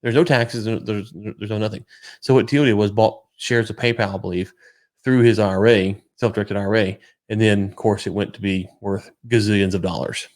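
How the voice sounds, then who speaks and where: A man's voice: lowish voice, steady tone, moderate pace, darkish tone. Ranting, sarcastic man. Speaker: podcast co-host. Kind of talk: casual political chat.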